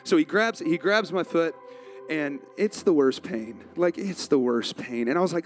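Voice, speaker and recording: A man's voice: a little high, a little slow, faint music behind. Man preaching with laughing, self-mocking stories. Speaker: pastor. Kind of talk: sermon.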